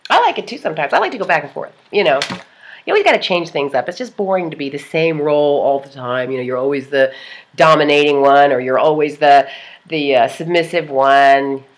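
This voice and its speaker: Woman vlogging, rambly and jokey, lots of um and laughs, kinda low voice. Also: animated, brisk. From part Lithuanian. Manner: chatty, jokey, laughs often, many fillers. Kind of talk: casual rambling vlog.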